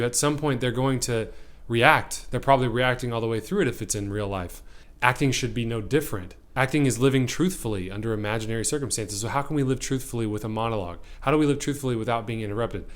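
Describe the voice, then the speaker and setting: Emphatic male acting coach. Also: mid-range voice. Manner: energetic, emphatic, addresses viewer directly. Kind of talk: direct-to-camera teaching.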